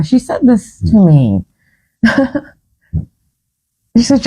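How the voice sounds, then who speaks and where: A woman with a mellow, husky voice tells a personal story to the camera. She rambles with emotion and often stops and starts her sentences, her tone soft and low in brightness. It sounds like a casual vlog. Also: wildly swooping pitch, slow, long pauses, poor audio. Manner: emotional, rambling retelling with frequent restarts. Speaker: vlogger.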